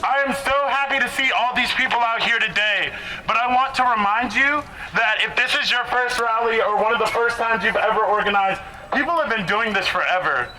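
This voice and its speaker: Out-of-breath man, high voice, impassioned rally speech outdoors, heavy background noise. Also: brisk, low-quality recording. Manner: earnest, repetitive, shouts to the crowd. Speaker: rally speaker.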